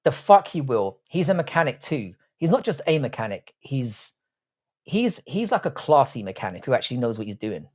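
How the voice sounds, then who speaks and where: A young man hosts a casual live stream, his voice swinging lively up and down as he talks. He teases his viewers with crude, swear-heavy banter. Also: medium pitch, moderate pace. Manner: crude, teasing, swears freely. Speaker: livestream host reading chat.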